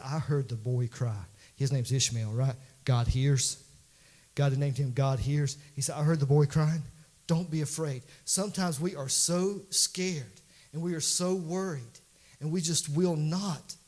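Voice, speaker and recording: A man's voice: a little high, darkish tone. Folksy man preaching a sermon. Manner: folksy, conversational preaching with rising emphatic peaks. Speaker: pastor. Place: church.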